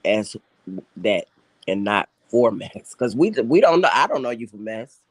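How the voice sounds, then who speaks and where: Guest in a casual chat: man, low-pitched, dry sound, steady and advising. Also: measured pace, no echo. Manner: advising, steady, filler-heavy.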